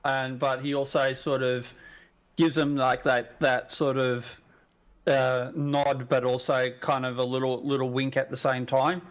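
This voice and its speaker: A man describing his character's actions in a tabletop game, speaking slowly and rambling through restarts. The recording sounds dull and lo-fi. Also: medium pitch, little pitch movement. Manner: rambling, many fillers and restarts. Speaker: player.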